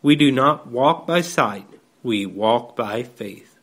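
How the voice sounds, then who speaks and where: A man delivering a slow, measured devotional sermon, reading scripture aloud. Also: medium pitch, lively intonation, fairly bright tone. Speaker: preacher.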